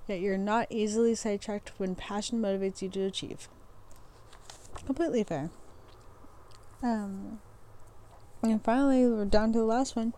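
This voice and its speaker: A young woman with a mellow, warm voice reads astrology entries on her podcast, tripping over words and going back to say them again. Her tone is casual and unpolished, with plenty of "um" and easy laughs at her own slips. Her pitch sits in an ordinary middle range. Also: fairly even intonation, normal speed, long pauses. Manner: reads aloud with stumbles, restarts and frequent "um"; laughs at herself, loose and informal. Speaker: podcast host. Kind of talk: casual reading and chat about astrology.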